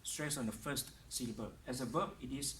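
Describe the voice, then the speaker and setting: A man giving a pronunciation lesson, slowly stressing each word and sound with care. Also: mid-range voice, fairly bright tone, roomy sound. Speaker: speaking coach. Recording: distant mic with faint room noise.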